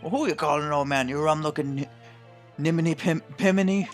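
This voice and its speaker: A man voicing a rough, blustering old ruffian in a game, rude and quick to bristle. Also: on the high side, soft background music, close to an everyday voice.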